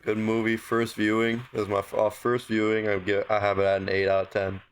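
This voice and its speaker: Podcast co-host, male, low-pitched, easygoing, hesitant film chat. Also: completely flat delivery, fairly quick, slight background noise. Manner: easygoing, hesitant, swears casually. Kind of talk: casual film review chat.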